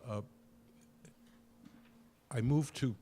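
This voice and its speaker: A man's voice: medium pitch, extremely slow, mellow, a little hiss or hum. An older retired man giving a rambling, hesitant public comment at a town board meeting. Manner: rambling, hesitant with many uhs.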